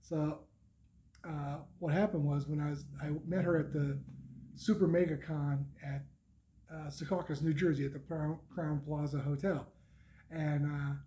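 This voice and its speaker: A man's voice: a little high, flat delivery, measured pace, dark tone, slight background noise. A middle-aged man recapping his day as a motorcycle vlogger in a casual, rambling way, often restarting his sentences and chuckling.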